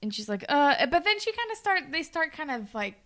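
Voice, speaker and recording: A woman's voice: high-pitched, big pitch swings, fairly quick, bright, forceful tone. A woman co-hosting a podcast, chatting casually and swearing, quoting characters in mocking voices. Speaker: podcast co-host. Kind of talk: casual chat recapping a TV episode.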